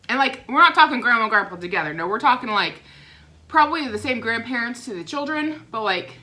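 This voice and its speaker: A young woman telling a rambling neighbor story in a casual vlog, chatty and animated. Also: a little high. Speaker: vlogger. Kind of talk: casual storytime while eating.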